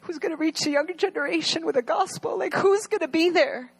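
A woman's voice: extremely high pitch, brisk, creaky. A young adult woman preaching an earnest sermon to her church, at times crying as she pleads. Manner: earnest, rising to emotional pleas. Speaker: pastor.

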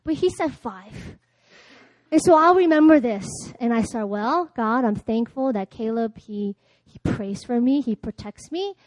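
A woman delivers a sermon, with a high voice heard dry and close. She tells personal stories, acts out both sides of conversations, and often laughs as she goes. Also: animated, a little slow, a little mellow, no room sound. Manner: storytelling, acting out dialogue, laughing often. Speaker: preacher. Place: church.

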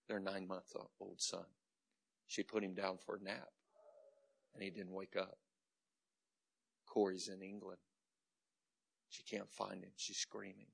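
A middle-aged man preaching a sermon as a pastor, telling a story dramatically and moving between loud and hushed delivery. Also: low-pitched, monotone, measured pace, creaky, pauses often, slightly rough.

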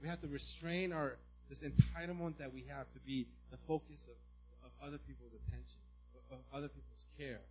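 A man preaching a sermon as a pastor, in a conversational way, often checking in with "right?" and now and then breaking into loud mimicry. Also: mid-range voice, fairly even intonation, brisk, highs cut off.

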